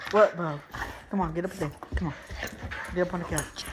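A home vlogger speaks at an easy, drawn-out pace into a phone camera. The voice keeps breaking into excited high baby talk for the dog. The phone recording carries a clear layer of background noise. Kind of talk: casual home vlog. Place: home living room with pets. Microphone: phone camera held sideways.

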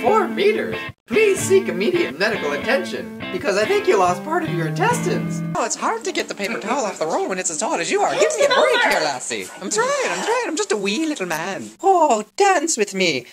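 A tiny, fussy leprechaun shrieks and fusses in a falsetto that leaps all over the place. His mock Irish lilt is clumsy and his outbursts are melodramatic and bawdy. Loud music plays behind him. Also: low-quality recording. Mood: ranting. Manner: squealing, dramatic exclamations. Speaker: comic puppet character. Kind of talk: comedy vlog sketch.

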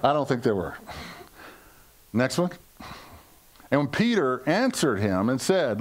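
An older male pastor from the United States preaches to his congregation in a loose, conversational way. He jokes, asks the room questions and puts on playful voices for quoted lines, with his speaking pitch sitting in a middle range. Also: sing-song, takes it slowly, pauses often. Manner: conversational, joking, acts out quotes in funny voices. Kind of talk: sermon. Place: church service before a congregation.

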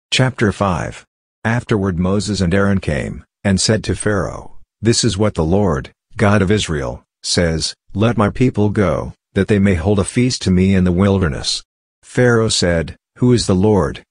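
A man reading the Bible aloud in a steady, measured way. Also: deep voice, dry recording, studio quality. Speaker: Bible reader.

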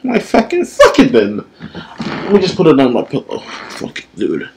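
A young man giving casual, excitable reactions while reading a manga chapter, swearing often and calling people dude. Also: medium pitch, normal speed, slightly rough. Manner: profane, excitable, says dude a lot.

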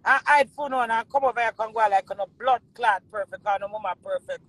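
A woman's voice: on the high side, brisk, a bit bright, dry recording, low-quality recording. A woman with a Jamaican accent delivering a heated, profane monologue full of repeated curses. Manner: heated, profane, repetitive cursing. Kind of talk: angry ranting monologue.

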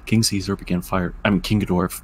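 A man's voice: low voice, flat delivery, fast talker, husky, rough recording. A man reading a fan-written story aloud, with joking asides and stumbles on words. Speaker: story reader.

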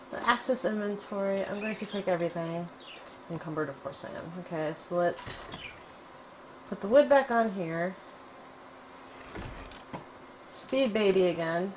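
A woman hosting casual gameplay commentary, chatty and excitable, cooing fondly at her in-game pet. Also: mid-range voice, normal speed, slight background noise, poor audio. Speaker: gaming channel host.

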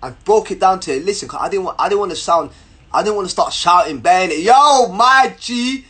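A young man telling a story to camera in an animated, slangy way, repeating words as he goes. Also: high-pitched, fast talker. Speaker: vlogger.

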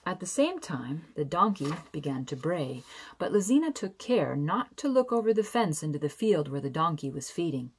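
A woman with a low, husky voice reads a fairy tale aloud as a bedtime story. She sounds gentle and expressive, slowing down to emphasize moments.

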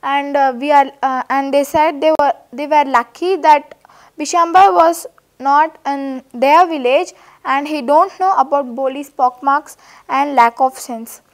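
A woman's voice: high voice, measured pace. A woman teacher, reading a story and paraphrasing it with hesitant restarts. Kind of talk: reading and explaining a story lesson.

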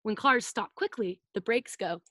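Over a video call, a woman preschool teacher reads a picture book aloud to children, playfully acting out sound effects and inviting them to join in. Her mid-range voice is pushed and bright at a normal speed, in a dry recording.

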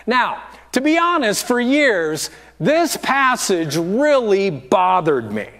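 High, lively male pastor preaching. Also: slow. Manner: storytelling, acting out quoted voices. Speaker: lead pastor. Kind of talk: sermon. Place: church auditorium.

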